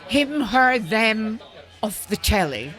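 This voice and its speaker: A woman's voice: on the high side, sing-song, takes it slowly, a bit bright, faint music behind. An older woman hosting a podcast, teasing and blunt with her guests in casual banter. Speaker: podcast host.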